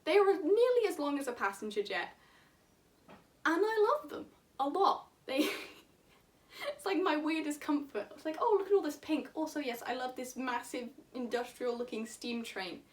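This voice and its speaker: High-voiced woman, animated infodumping. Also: moderate pace, recorded from a distance. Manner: animated, chatty, laughs as she talks. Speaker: vlogger. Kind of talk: enthusiastic casual infodump.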